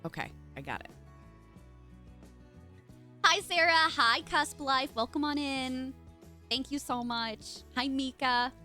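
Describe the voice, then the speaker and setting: A woman's voice: sits high, expressive, takes it slowly, long pauses, pushed and bright, faint music behind. A young adult woman streaming live, chatting casually and greeting viewers by name in a bubbly way.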